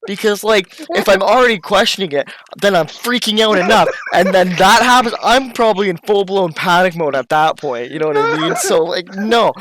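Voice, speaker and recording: A man chatting casually with his best friend on a podcast. His voice sits a bit high, and he talks in a blunt, animated way, swearing freely. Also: normal speed, few pauses, a little hiss or hum, rough recording. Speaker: podcast co-host. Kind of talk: casual chat.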